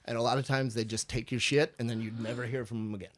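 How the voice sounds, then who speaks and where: A man from Chicago spins a long, rambling anecdote in casual podcast chat, cursing easily and chuckling at his own tale. His voice sits at an ordinary middle pitch. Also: fast talker. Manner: rambling, animated, swears freely, laughs at his own story.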